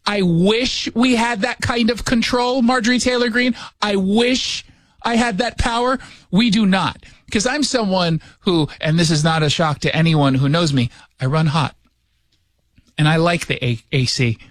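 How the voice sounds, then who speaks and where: A man's voice: high-pitched, unhurried, fairly bright tone, no echo. A man hosting a radio show from his studio, chatting casually with sarcastic jokes. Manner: sarcastic, joking asides. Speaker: radio host. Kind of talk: casual opinion chat.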